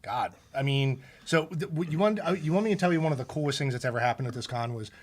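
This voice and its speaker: Excitable rambling man chatting. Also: medium pitch, fast talker. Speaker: comic convention organizer. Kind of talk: casual chat.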